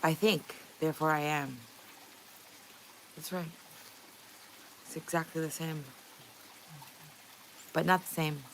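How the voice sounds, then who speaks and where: A woman's voice: low-pitched, fairly even intonation, slow, pauses often, fairly bright tone, a little hiss or hum, rough recording. A woman livestreamer chatting casually with her viewers, reading their messages aloud, playful and often laughing.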